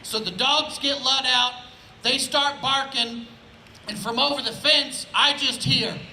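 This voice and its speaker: Performing live on an outdoor festival stage, an Indianapolis stand-up comic keeps things relaxed and conversational, frequently tossing in "right?" He speaks at a measured pace with a very high, steady, sharp voice; the audio is reverberant, low quality, and slightly hissy.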